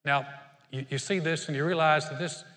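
Guy preaching, kinda high voice, restarts his words a lot, long hall echo. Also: steady tone, fairly quick, pushed and bright. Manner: storytelling with frequent restarts. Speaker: pastor. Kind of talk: sermon.

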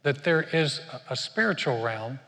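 A man's voice: mid-range voice, lively intonation, normal speed, sharp tone, long reverb tail. An older man preaching a sermon in a conversational way, often repeating words as he restarts his sentences. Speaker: pastor.

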